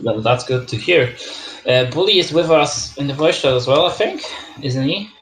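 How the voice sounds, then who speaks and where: A man's voice: a little high, expressive, normal speed, a bit bright, a little hiss or hum. Male league host, casual and chatty, echoey room. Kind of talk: casual esports league preview.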